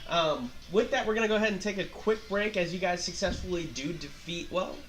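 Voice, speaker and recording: A man's voice: high voice, fairly quick, fairly bright tone, faint music behind. A man running a tabletop game as game master, explaining moves with hesitant restarts.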